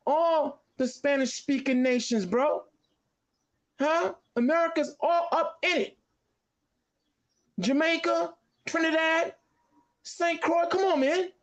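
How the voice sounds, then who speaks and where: A man arguing on a talk show, combative, firing off rapid questions. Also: very high voice. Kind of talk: heated talk-show debate.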